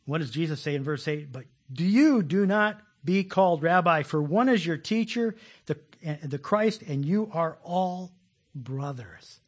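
A middle-aged man preaches in a husky, rather high voice. He talks in a folksy, animated way, slipping in jokes and acted-out voices as he goes. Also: measured pace. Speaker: pastor. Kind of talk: sermon.

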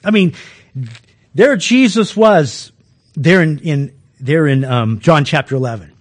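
A man gives a relaxed, conversational sermon in a high voice. He chuckles often and trips over restarts, talking to his listeners like friends. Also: measured pace. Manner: folksy, chuckling, many restarts. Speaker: preacher.

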